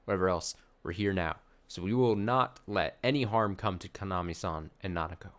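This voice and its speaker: A man's voice: low voice, brisk. A man streaming a video game, reading the dialogue aloud with sarcastic, laughing asides. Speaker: let's play streamer.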